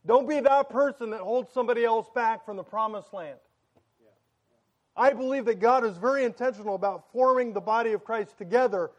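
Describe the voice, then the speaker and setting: A male pastor in his thirties preaches to a church congregation with a fairly high voice. He talks loud and excited, slipping into joking stories about his kids between points. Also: dull audio. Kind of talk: sermon. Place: church sanctuary.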